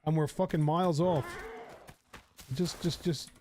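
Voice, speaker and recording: A man's voice: on the high side, fairly even intonation, a little slow, darkish tone, a little hiss or hum. A man streaming a game live, chatting casually with viewers, rambling and swearing.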